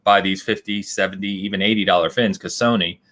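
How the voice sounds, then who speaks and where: A man's voice: low voice, steady tone, fairly quick, fairly bright tone. A man co-hosting a podcast, talking casually and animatedly, laughing often and thinking aloud with fillers. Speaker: podcast co-host.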